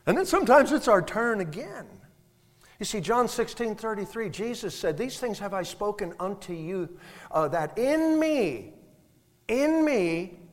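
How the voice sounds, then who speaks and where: A man preaches with emphasis, throwing out rhetorical questions and restarting his phrases. His voice sits high, and a long hall reverb trails every line in the church sanctuary. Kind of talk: sermon.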